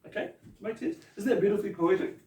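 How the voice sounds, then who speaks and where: A man, a pastor teaching te reo Māori in a chatty lesson, with laughing asides and slow repeated words to drill pronunciation. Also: high-pitched, a little mellow, recorded from a distance. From New Zealand. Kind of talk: informal language lesson. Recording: echoey room, voice off mic.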